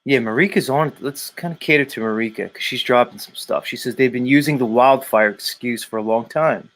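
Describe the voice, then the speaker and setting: A man's voice: medium pitch, brisk, a bit bright. A man hosting a daily live stream, reading viewer comments aloud and teasing commenters by name in a rambling, casual way. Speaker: livestream host reading chat.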